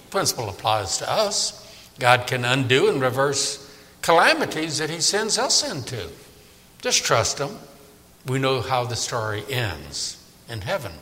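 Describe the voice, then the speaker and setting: In a large hall, a man delivers a conversational Bible sermon, animated and often asking the audience questions. His voice is medium-pitched and moves at a moderate pace.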